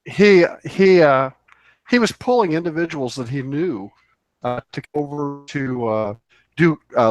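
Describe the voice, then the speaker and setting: A man co-hosting a radio talk show, spinning a long anecdote in a loose, rambling way with plenty of fillers and false starts. His voice sits at an ordinary pitch and is recorded dry and close in the studio. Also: dry recording. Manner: rambling with many fillers and restarts. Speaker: co-host. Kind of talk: casual storytelling on a radio show.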